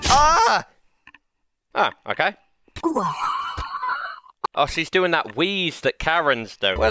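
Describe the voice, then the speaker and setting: A young man with a high voice commentates on a comedic VR game, loud and excitable, breaking into yells and laughter. Music plays loudly underneath his talk. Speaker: gaming channel host.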